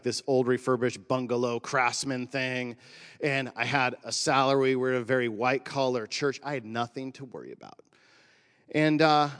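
A man preaching a sermon as a pastor, talking conversationally and telling animated stories. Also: medium pitch. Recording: long hall reverb.

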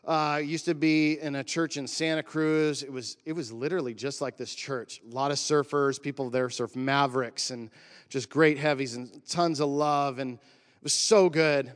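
A man's voice: mid-range voice, steady tone, normal speed. Man preaching in a reverberant hall. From Northern California. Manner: conversational, emotional storytelling with surfer slang. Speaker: pastor. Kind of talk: personal sermon story. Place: church.

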